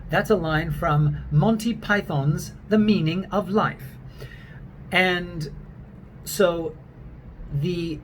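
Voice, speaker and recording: A man talks through a lesson for actors in a fairly high voice. He rambles a little and fills gaps with ums as he restarts his sentences. A faint hiss sits under his voice. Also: takes it slowly, poor audio. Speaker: accent coach for actors. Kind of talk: casual spoken video lesson.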